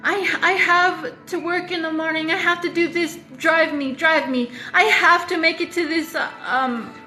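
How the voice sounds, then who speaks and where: A woman's voice: very high-pitched, fairly even intonation, moderate pace, pushed and bright, roomy sound, faint music behind, pitched above the performer's own voice. A woman acting out a pleading friend who keeps begging to be driven somewhere, repeating herself.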